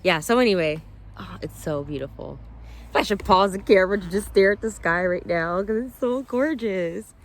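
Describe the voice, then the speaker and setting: A woman vlogging outdoors by the water on a phone, telling a story in an excitable, rambling way and often apologizing for going off track. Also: lowish voice, a little fast. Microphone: phone held above the water.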